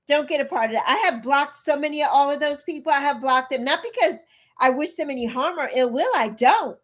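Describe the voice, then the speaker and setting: Bluntly chatting on her livestream, this early-sixties host answers her viewers' messages and repeats points to drive them home. She talks briskly in a voice that sits high.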